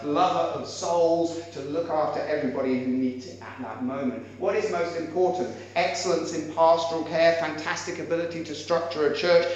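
Echoey preacher asking searching questions. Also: male voice, on the high side. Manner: questioning, rhetorical, with wide swings between loud and quiet. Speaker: pastor, church elder. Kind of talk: sermon. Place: church hall. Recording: very echoey church hall, faint noise.

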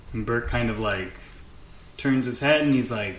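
A man's voice: medium pitch, moderate pace, roomy sound, a little hiss or hum. A man narrating a tabletop game as game master, in a casual, filler-heavy way.

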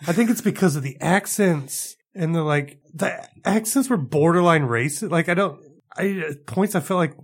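A man co-hosting a casual movie-review chat, exasperated and sweary with a deadpan edge. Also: on the high side, normal speed, slightly rough. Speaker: co-host.

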